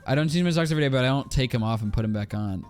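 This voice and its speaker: A man's voice: mid-range voice, very fast, a little mellow, faint music behind. A man with a strained throat, chatting casually and ranting with exasperation to his live-stream audience while he plays, swearing freely.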